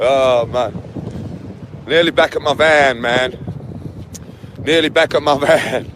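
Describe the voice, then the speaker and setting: A man's voice: medium pitch, takes it slowly, long pauses. A man vlogging on a windy seafront, calling out sing-song chants and silly put-on accents to his viewers. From England. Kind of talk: windy seaside vlog. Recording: loud wind noise on the mic.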